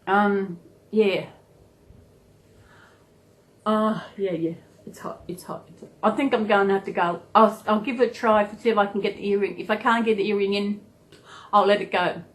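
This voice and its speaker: A woman with an Australian accent chatting casually to her subscribers, rambling and repeating her thanks. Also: medium pitch. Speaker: vlogger. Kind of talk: casual chat to camera.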